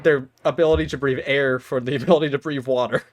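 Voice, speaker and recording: A man's voice: medium pitch, fairly even intonation, fast talker, slight background noise. A man running a tabletop game as game master. He laughs often and talks with many ums and likes.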